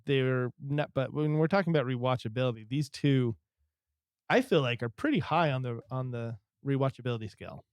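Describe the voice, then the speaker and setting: A man's voice: mid-range voice, fairly quick, clear, resonant tone, no echo, studio quality. A man co-hosting a casual podcast, rambling with many fillers and restarts as he thinks aloud. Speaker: podcast co-host. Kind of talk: casual chat.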